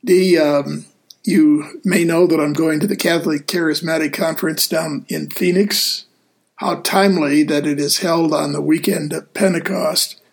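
A man hosting a casual talk show as a deacon, speaking in an earnest, easygoing way with frequent pauses. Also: on the high side, steady tone, vocal fry. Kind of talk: casual radio show chat.

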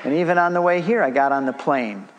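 Middle-aged male church speaker, animated storyteller, fairly high voice, big reverberant hall. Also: fast talker, lo-fi sound, a faint crowd, a little hiss or hum. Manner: animated storyteller, acts out dialogue. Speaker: Catholic speaker giving a talk. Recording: long reverb of a large hall.

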